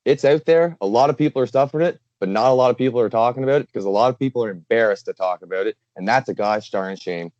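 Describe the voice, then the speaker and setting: A man's voice: medium pitch, fast, few pauses, a little mellow, dry recording. A man from Canada, a guest talking earnestly and rambling with many fillers in a casual interview. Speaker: guest, charity founder. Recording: dull lo-fi dry sound.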